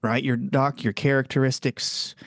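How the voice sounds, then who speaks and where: A man from the American South hosting a podcast, chatting in a rambling, animated way and laughing often. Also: moderate pace, no echo, clean studio sound. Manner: animated, rambling, laughs often, jumps up in pitch when telling stories. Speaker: podcast host. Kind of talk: casual chat.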